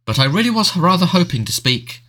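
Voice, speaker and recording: A man's voice: sits high, sing-song, a little fast, fairly bright tone, voice pushed up, full character voice. A man reading aloud, voicing a flustered middle-aged male prime minister who stammers and answers stiffly.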